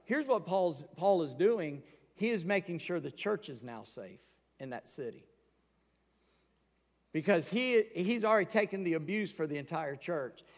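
Gravelly preacher in an echoing hall. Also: male voice, sits high. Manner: conversational preaching, acting out quoted voices. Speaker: pastor. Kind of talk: sermon. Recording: long reverb of a large hall.

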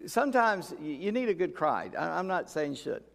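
Male pastor, sermon, folksy and conversational, fairly high voice, long hall reverb. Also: very animated, fairly quick, gravelly. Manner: conversational, folksy preaching with repeated phrases.

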